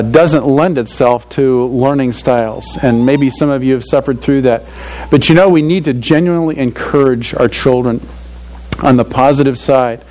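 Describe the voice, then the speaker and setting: A man's voice: medium pitch, darkish tone, rough recording. An older man preaching a sermon to fathers in a conversational, earnest way, often saying "you know" and chuckling at his own stories. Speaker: pastor.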